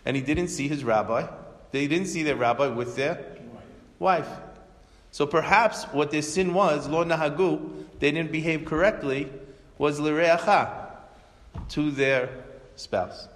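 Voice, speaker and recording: A male religious teacher with a slightly high voice, spinning stories and firing rhetorical questions at his class. His voice carries a long hall reverb. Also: a little slow, pauses often. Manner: animated storytelling with rhetorical questions. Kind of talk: Torah class lecture.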